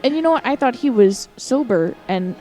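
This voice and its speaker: A young woman co-hosting a podcast, telling stories in an animated, casual way and swearing often. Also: fairly high pitch, moderate pace, soft background music. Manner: animated, profane storytelling. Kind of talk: casual chat.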